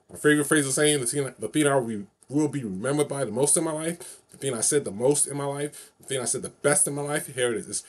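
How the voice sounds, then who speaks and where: A man's voice: medium pitch, fast talker, breathy edge. A man in his forties from New York City, talking to his viewers in a rambling, repetitive and upbeat vlog, now and then chanting a short prayer. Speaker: vlogger. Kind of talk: casual monologue vlog.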